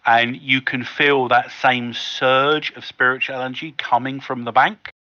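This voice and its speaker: Casting: male game master, bright, dry close sound, slightly dull audio, narrates with ums. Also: mid-range voice, little pitch movement, dry recording. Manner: descriptive, unhurried with fillers.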